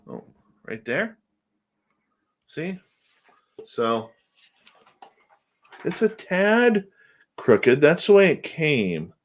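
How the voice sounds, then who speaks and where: A man's voice: fairly high pitch, slight background noise. A middle-aged man hosting a radio show, chatting casually, greeting viewers by name and ranting bluntly. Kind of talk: casual live-stream chat.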